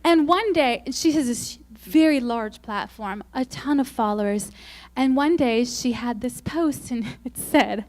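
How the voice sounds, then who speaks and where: A woman speaking at a Christian women's conference, telling self-mocking, humorous stories and acting out quoted lines in a higher, louder voice. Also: a little slow. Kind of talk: faith-based conference talk.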